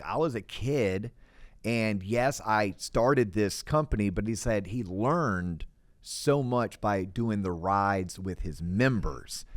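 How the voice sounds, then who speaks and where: A man from Central Florida hosting a podcast, relaxed and encouraging, chatting casually with a guest. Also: lowish voice, no room sound, studio quality. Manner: relaxed, encouraging, many "yeah" backchannels. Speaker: podcast host. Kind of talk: casual interview chat.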